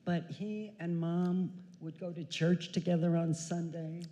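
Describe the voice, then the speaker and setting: Chatty woman in her sixties, mellow voice. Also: on the low side, measured pace. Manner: chatty, animated, laughing, acting out quotes. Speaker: daughter telling family story. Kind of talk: storytelling on church stage. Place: large church hall. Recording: church hall with long reverb.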